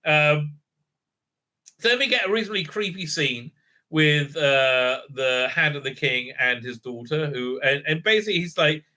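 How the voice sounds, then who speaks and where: Here a man reviews a TV episode casually, spoiling the plot as he rambles, leaning on fillers, repeatedly asking "right?", and breaking into enthusiastic praise. His voice is a little high, pushed and bright, at a moderate pace.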